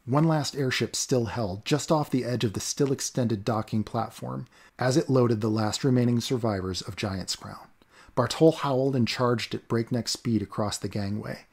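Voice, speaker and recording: A man narrating a fantasy story in a steady, measured reading. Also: mid-range voice, gravelly, slightly rough. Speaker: audiobook narrator.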